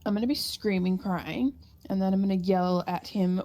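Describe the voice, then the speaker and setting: A woman's voice: medium pitch, normal speed, dark tone. A woman playing a tabletop game, talking casually and cutting herself off mid-sentence. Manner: casual, self-interrupting table talk. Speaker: player.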